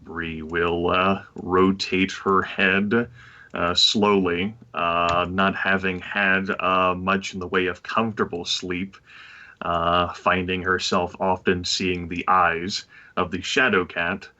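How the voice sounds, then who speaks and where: A man describing his character's actions as a player in a tabletop role-play, halting and full of fillers. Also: low-pitched, little pitch movement, pushed and bright, dull audio.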